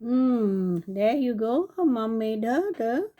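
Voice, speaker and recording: A woman reading a fairy tale aloud for children, slowly and gently, stopping to talk to her young listeners. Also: fairly high pitch, expressive. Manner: slow, with chatty asides to young listeners. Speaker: storyteller on a kids' channel.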